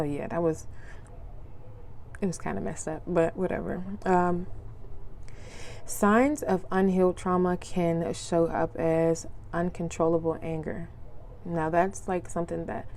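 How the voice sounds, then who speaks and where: A woman's voice: fairly low pitch, warm tone, slight background noise. A young adult woman hosting a solo podcast, talking casually in slangy speech, telling personal stories and acting out what people said. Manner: chatty storyteller, acts out quotes, laughs often. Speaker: podcast host.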